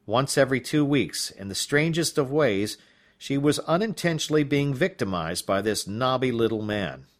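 In a mid-range voice at a normal pace, a man performs a novel as an audiobook. His delivery is vivid and expressive, like a storyteller's.

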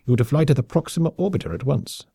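A man's voice: medium pitch, big pitch swings, fast talker, gravelly, mellow, breathy edge, no echo, studio quality, voice pushed up, exaggerated voice. A man voicing an unflappable, pompous older male spymaster with clipped, understated delivery.

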